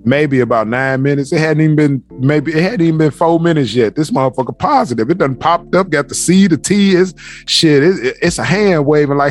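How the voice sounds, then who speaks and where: A man's voice: a little high, animated, moderate pace, faint music behind. A middle-aged man and show host telling a story casually, loose and profane, laughing as he talks, from a basement home office.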